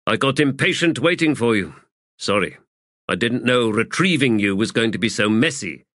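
A man voicing a level-headed male general in an audiobook, calm and decisive. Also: medium pitch, moderate pace, no room sound, clean studio sound, close to an everyday voice. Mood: apologetic. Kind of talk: audiobook character voice.

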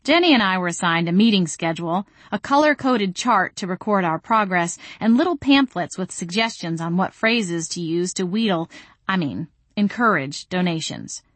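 A woman narrating a first-person audiobook with a wry, deadpan delivery. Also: fairly low pitch, moderate pace, dry recording.

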